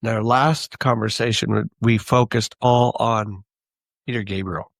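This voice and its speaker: A man's voice: fairly low pitch, steady tone, a little slow, creaky, dry recording. A man hosting a casual podcast interview in a friendly, upbeat way. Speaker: podcast host.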